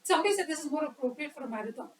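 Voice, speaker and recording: Woman giving a public speaking lesson, high voice, picked up from across the room. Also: lively intonation, racing, distant mic, a crowd in the background, rough recording. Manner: interactive, quizzes the audience and acts out examples. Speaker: Toastmasters club speaker. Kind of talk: educational talk on public speaking.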